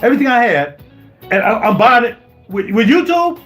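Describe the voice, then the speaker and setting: Indignant high-voiced man ranting on stream. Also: animated, brisk, fairly bright tone, faint music behind. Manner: indignant, repeats himself, rhetorical questions. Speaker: YouTuber. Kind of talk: heated live-stream rant. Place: home music studio.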